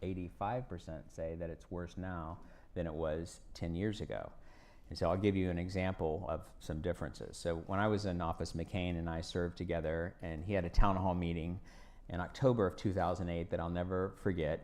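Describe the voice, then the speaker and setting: At a university event hall, a guest speaker who once served in Congress tells the students folksy stories, voicing the quotes as he goes, and gives them advice. The American's deep voice is steady and darkish, with a normal pace.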